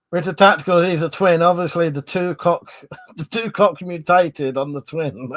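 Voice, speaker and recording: Reading live comments on his casual stream, this Scottish-born host with a Manchester accent rambles, swears and laughs. He speaks slowly in a slightly high, somewhat bright voice, with no echo.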